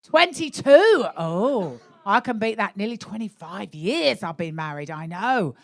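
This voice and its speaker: A middle-aged woman does live stand-up crowd work in a comedy club, blunt and sweary as she teases audience members about their relationships. Her mid-range voice has big pitch swings, and she speaks a little slowly.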